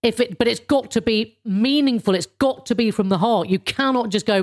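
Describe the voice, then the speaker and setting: A woman's voice: fairly high pitch, moderate pace, few pauses, darkish tone. Chatty, rambling woman in her fifties. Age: 50s. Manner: chatty and rambling, with frequent swearing and restarts. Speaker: podcast host. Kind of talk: casual solo podcast chat.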